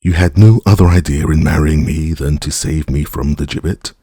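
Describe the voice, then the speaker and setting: A man's voice: very deep voice, normal speed, warm tone, breathy edge, no echo, clean studio sound. A man voicing a vain, dreamy young poet who speaks in a florid, theatrical way. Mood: pleading.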